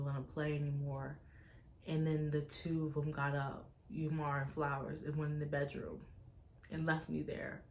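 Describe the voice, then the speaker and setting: A young woman, a vlogger, recounting a personal story to camera in an animated, tense way, full of fillers. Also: low-pitched. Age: young adult. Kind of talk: casual storytime vlog.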